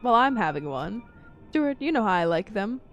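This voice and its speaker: A woman's voice: medium pitch, very animated, normal speed, faint music behind, lightly acted. A woman voicing an aloof older English lady with a languid, haughty drawl.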